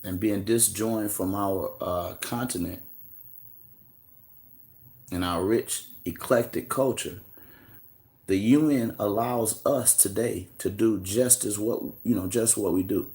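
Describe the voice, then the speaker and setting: A relaxed American man runs a live stream, calling out viewers by name and taking their questions as they come in. He talks in a casual, slangy, unhurried way, and his voice sits a little low. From United States. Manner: loose and conversational, greets chatters by name, slangy asides. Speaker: livestream host answering viewer questions.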